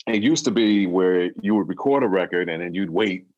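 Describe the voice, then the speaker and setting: A man's voice: low voice, a little fast, dry recording, highs cut off. A man, a recording musician, chatting casually as an interview guest, telling stories with lots of laughter and mock voices. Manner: laughs often, animated storytelling with mock voices.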